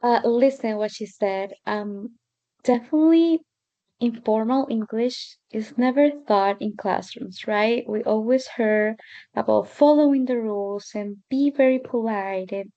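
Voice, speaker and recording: A woman hosting an English lesson with a mellow, warm tone. She talks in a loose, conversational way with fillers. The recording sounds dull and lo-fi. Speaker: host of an English lesson channel. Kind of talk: casual spoken commentary. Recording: dull low-fidelity recording.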